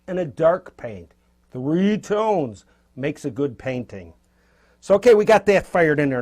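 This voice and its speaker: A man's voice: fairly high pitch, darkish tone. A man teaching abstract painting as he works, talking in a loose, encouraging, spontaneous way. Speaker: painting instructor. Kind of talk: casual painting demonstration.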